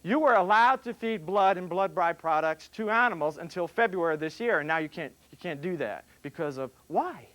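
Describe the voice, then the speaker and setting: Older guy vet lecturing at a convention, folksy and jokey, kinda high voice. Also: animated, moderate pace, few pauses, fairly bright tone. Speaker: veterinarian giving a conference talk. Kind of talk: conference lecture.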